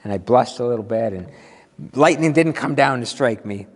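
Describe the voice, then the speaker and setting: A man preaching a sermon as minister, playful and animated, drawing out his exclamations slowly for effect. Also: mid-range voice. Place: church sanctuary. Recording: long hall reverb.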